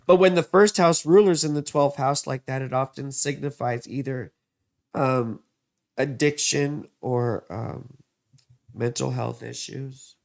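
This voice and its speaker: A man's voice: mid-range voice, a little slow, vocal fry, dry recording, clean studio sound. A man in his thirties giving a casual, rambling astrology and tarot reading, full of asides and fillers.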